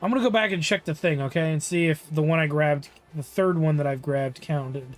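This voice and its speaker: A man's voice: a little high, fairly quick, soft background music. A young man casually chatting and joking while streaming a video game, slipping into silly bits. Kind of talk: casual live-stream chat.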